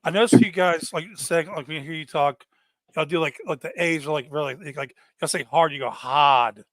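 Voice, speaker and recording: A man with a Southern US accent on a casual livestream, talking haltingly with many fillers. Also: on the high side, no echo. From southern USA. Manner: hesitant, full of fillers.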